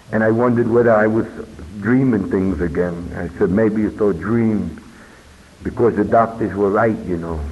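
A man telling his personal recovery story as a meeting speaker, earnest and unhurried, with emphatic pauses. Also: medium pitch. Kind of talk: personal testimony talk. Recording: dull lo-fi recording with long hall reverb.

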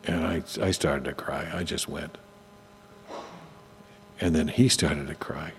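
An older man telling personal stories to an audience in a conversational way, often halting and restarting his sentences. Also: very deep voice, fairly even intonation. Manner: halting, with frequent restarts and asides. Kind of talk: conversational storytelling talk. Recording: long hall reverb, faint hum.

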